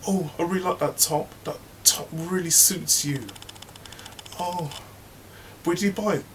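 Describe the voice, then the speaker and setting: A man voicing a nosy, fake-sweet woman who gossips at the office, in a high sugary falsetto. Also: a little slow, slight background noise. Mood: fake-sweet, prying. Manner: high sugary falsetto, drops to a whisper when bitching.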